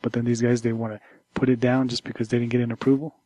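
A male co-host of a laid-back tech news podcast rambles in a halting way, restarting often. His warm, mellow voice stays at a medium pitch with little pitch movement. The close, dry recording has no room sound.

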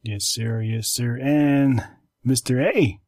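A man's voice: medium pitch, takes it slowly, a little mellow, no room sound. A man hosting a podcast in easygoing casual chat, repeating words as he goes. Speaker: podcast host.

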